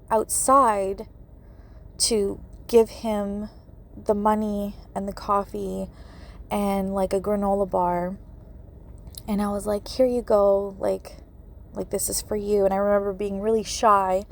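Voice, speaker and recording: A woman's voice: mid-range voice, level tone, slow pace, slight background noise. A woman hosting a podcast, telling a personal story with many fillers and laughing through tears. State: tearful. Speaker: podcast host, medium.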